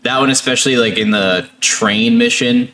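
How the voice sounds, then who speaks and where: A man's voice: medium pitch, normal speed, sharp tone, slight background noise. A man co-hosting a gaming podcast, reading game box text aloud and chatting casually with a friend, swearing and laughing easily. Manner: reads box copy aloud with a stiff, careful delivery, then loosens into banter. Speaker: podcast co-host.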